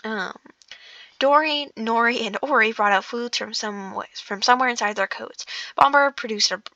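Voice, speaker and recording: A woman casually reading a book aloud indoors in a dark room, often stumbling, restarting lines and breaking off into chatty asides. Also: a little high, moderate pace, no echo, dull audio. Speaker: audiobook reader.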